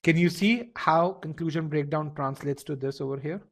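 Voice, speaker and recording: A man's voice: a little high, normal speed, fairly bright tone. A man teaching a live online test-prep lesson, explaining step by step, often repeating words and asking the class to check they follow.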